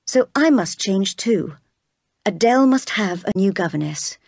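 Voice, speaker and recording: A woman reading aloud as a quiet, earnest young governess in her own voice. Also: medium pitch, expressive, a little slow, dry recording, studio quality.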